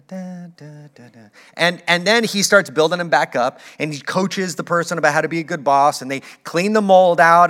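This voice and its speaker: A man's voice: high voice, bright, forceful tone. A man preaching a sermon in a casual, conversational way, with playful acted asides. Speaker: pastor.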